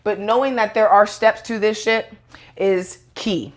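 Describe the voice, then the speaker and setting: A woman's voice: mid-range voice, steady tone, a little slow. Woman, casual monologue, blunt and profane, rambling, heated. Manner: rambling with restarts, acts out quoted voices. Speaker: online video host.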